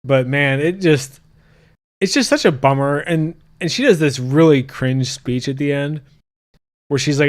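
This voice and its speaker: A man's voice: medium pitch, normal speed. A man hosting a casual podcast, ranting and joking crudely while reading his live chat. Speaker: podcast host.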